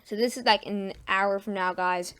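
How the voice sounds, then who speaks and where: A woman casually giving a homemade weather forecast, halting often with fillers and correcting herself mid-sentence. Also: medium pitch, fairly even intonation, fairly bright tone, clean tone. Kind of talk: casual weather forecast over radar maps.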